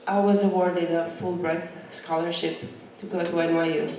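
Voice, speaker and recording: A woman's voice: on the low side, flat delivery, normal speed, warm tone, a little hiss or hum. A woman from Albania, a native Albanian speaker, congested, giving an upbeat, formal candidate speech at a community forum. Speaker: city council candidate. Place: community meeting hall. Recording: very echoey hall from far off with faint ambience.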